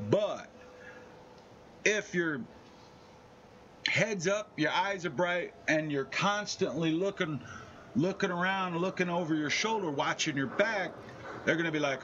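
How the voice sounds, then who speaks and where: A man's voice: high-pitched, measured pace, long pauses, pushed and bright, lo-fi sound, slight background noise. A man chatting casually on a live game stream, telling profane, boastful stories.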